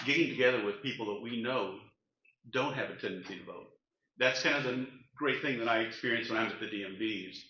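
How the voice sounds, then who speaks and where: A man's voice: medium pitch, bright, forceful tone. An older man speaking earnestly as a panelist at a community event, rallying the room. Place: meeting room. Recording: roomy, dull event recording.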